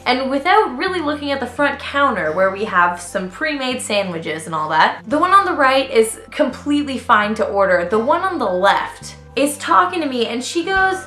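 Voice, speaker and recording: A young woman from Canada vents about customers in a fast, sarcastic, exasperated way, and she mimics them in mocking voices. Her voice sits fairly high and bounces around an echoey room. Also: very animated, sharp tone, soft background music. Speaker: vlogger, waitress. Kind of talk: casual storytelling rant.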